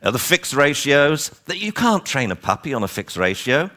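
A man lecturing a seminar on dog training, animated and wryly exasperated, acting out owners and dogs as he goes. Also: mid-range voice, moderate pace.

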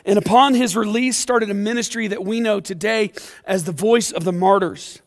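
A male pastor preaching an impassioned sermon in a church, swinging between loud passages and hushed ones. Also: high-pitched, moderate pace, big-room sound. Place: church sanctuary.

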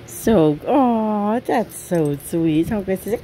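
A woman cooing affectionately at her dogs in drawn-out baby talk. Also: fairly high pitch, wildly swooping pitch, a little mellow, slight background noise. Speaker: dog owner.

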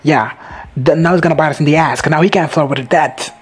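Husky man giving a rambling, profane recap. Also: fairly high pitch, fast. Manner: rambling, profane and excitable, often laughing. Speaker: video host reacting to a TV show. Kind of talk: casual recap commentary.

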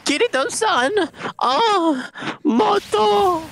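A man putting on a shouty anime-style guy. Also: extremely high pitch, lively intonation, extremely slow, slight background noise, pitched above the performer's own voice, heavily acted. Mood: excited. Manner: exaggerated, shouty put-on voice. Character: over-the-top anime-style Japanese man, excitable.

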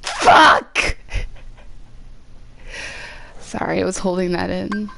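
A woman's voice: a little high, expressive, slow, breathy edge, dry recording. A young woman commentating her video game run, exasperated, swearing and talking to her viewers. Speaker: gamer. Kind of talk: let's play commentary. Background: loud video game music.

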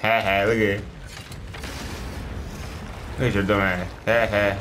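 A man's voice: fairly low pitch, measured pace, noisy background. A man giving let's play commentary, exclaiming and talking to the characters on screen. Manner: animated, exclaiming, talks to game characters. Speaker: gaming streamer.

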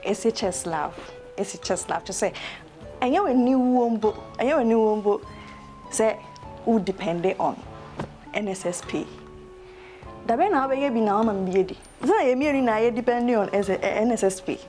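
A woman's voice: a little high, expressive, moderate pace, dark tone, soft background music, lightly acted. A young woman with a Ghanaian accent playing a chatty young woman in a comic web series monologue, gossiping in a mix of English and pidgin.

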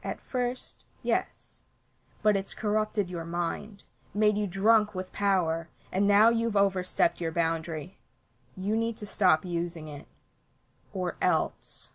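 A cold, scornful cartoon girl, voiced by a woman in a mid-range tone. She delivers every line slowly and flatly, with dry contempt. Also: mid-range voice. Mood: deadpan. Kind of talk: cartoon voice acting demo.

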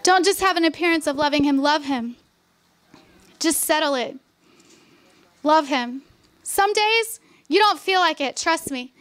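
A woman pastor preaching a revival sermon, with fervent, repeated declarations that drop into soft, conversational asides. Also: high-pitched, a little slow, long pauses, dry recording.

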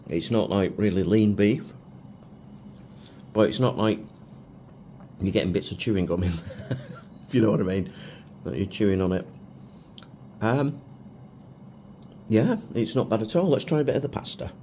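A man's voice: lowish voice, normal speed, pauses often, dark tone, a little hiss or hum. A middle-aged man reviewing food for his vlog in a chatty, self-mocking way with chuckles. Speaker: food vlogger.

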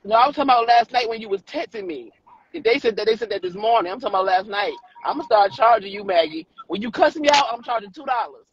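Fast-talking high-voiced brash woman from Detroit. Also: lively intonation, muffled recording. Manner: brash, profane, teasing banter. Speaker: live-stream co-host. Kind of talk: casual chat while driving. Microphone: phone in car.

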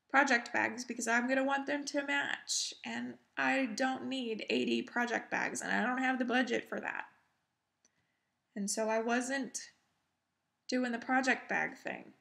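A woman hosting a cross-stitch video, chatting casually while she shows off her crafts, chatty and self-deprecating, with soft laughs. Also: fairly high pitch, vocal fry. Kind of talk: casual show-and-tell chat.

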